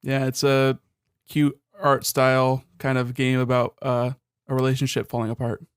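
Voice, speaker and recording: A man's voice: medium pitch, completely flat delivery, normal speed, smooth, no room sound. A young man co-hosting a casual podcast, thoughtful and wry with dry jokes. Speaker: podcast co-host. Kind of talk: casual chat.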